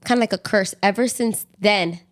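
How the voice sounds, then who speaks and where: A young adult woman co-hosting a podcast, telling a story in casual chat with lots of fillers and lively asides. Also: medium pitch, normal speed. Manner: chatty, animated storytelling with many fillers. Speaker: podcast co-host.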